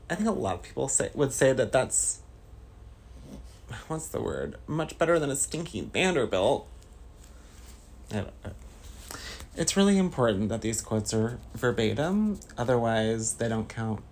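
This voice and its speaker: A man from Northern California chatting casually with his stream viewers, slow and rambling. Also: medium pitch, very animated, darkish tone. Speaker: livestreamer.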